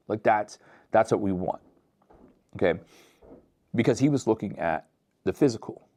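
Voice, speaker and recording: A man delivers a casual, conversational sermon full of slang. His voice sits very low, and the recording is close and dry with no room sound. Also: lively intonation, moderate pace, long pauses, warm tone, no echo. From Pittsburgh, USA. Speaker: pastor.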